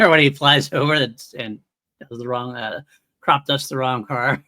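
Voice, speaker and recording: A man co-hosting a podcast, chatting enthusiastically about a movie and quick to agree. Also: medium pitch, fairly even intonation, sharp tone, no echo. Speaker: podcast co-host. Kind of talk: casual movie chat.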